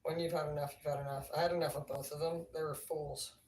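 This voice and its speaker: A woman's voice: sits low, little pitch movement, fast, a little mellow, a little hiss or hum. A woman livestreaming, telling rambling stories in a casual, profane, laughing way. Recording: roomy, distant mic, faint ambience.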